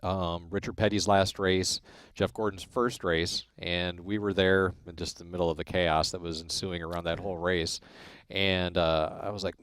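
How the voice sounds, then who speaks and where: A man's voice: deep voice, moderate pace, clear, resonant tone, no room sound. A man in his forties, originally from Illinois, telling stories about his racing career in a casual interview and acting out the dialogue. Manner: animated storyteller acting out quoted dialogue. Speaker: guest, racing crew chief.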